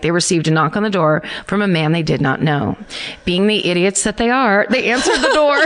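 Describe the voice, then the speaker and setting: A middle-aged woman co-hosting a podcast, chatting loosely, laughing easily and reading listener letters aloud. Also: mid-range voice. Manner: chatty, rambling, quick to laugh. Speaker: podcast co-host.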